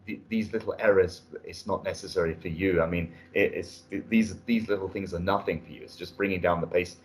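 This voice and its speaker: A British man with a fairly low voice gives spoken feedback on a mock exam. He sounds encouraging and restarts his phrases often. He is recorded indoors at a language school. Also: fairly even intonation, a little fast, a little hiss or hum. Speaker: speaking test examiner. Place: indoor room at a language academy.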